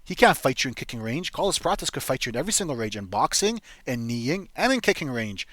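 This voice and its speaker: Young male host, blunt and profane, rambling fight analysis, mid pitch, dry close mic. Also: big pitch swings, fast, a bit bright, no echo. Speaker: MMA fight predictions host. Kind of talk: casual profane fight breakdown.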